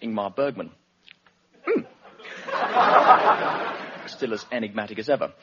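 A man's voice: fairly low pitch, measured pace. A man hosting, sarcastic and snide in tone. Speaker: host. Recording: dull lo-fi sound, loud hiss.

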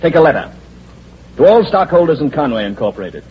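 A suave scheming tycoon. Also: male voice, on the high side, very animated, brisk, slightly rough. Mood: smug. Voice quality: suave, sneering, condescending. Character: smooth, scheming male company president, mocking. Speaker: corporate president. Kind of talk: 1940s radio acting. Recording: dull lo-fi old radio recording.

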